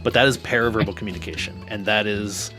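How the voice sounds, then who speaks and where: A low-voiced man chats casually as a therapist co-hosting a podcast. He talks loosely, with lots of "like" and "you know", and faint music plays behind him. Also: steady tone, fast, bright, forceful tone. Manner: loose and chatty, full of fillers. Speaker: co-host, therapist.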